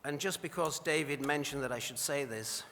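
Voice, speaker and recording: Brief: bright, higher-pitched man presenting an award, anecdotal and wry, long hall reverb. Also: moderate pace, gravelly, a little hiss or hum. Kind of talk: after-dinner award speech. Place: large banquet hall.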